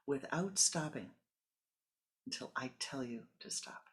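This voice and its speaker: A spiritual teacher giving a sermon, telling a parable calmly and guiding a meditation. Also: mid-range voice. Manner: calm, measured storytelling with pauses.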